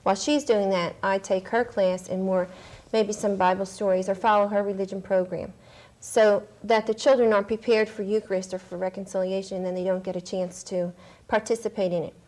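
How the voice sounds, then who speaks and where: A woman's voice: mid-range voice, steady tone, brisk, a little mellow. Earnest woman school principal explaining. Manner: earnest and explanatory, with small hesitations. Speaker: school principal, religious sister. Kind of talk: studio panel discussion.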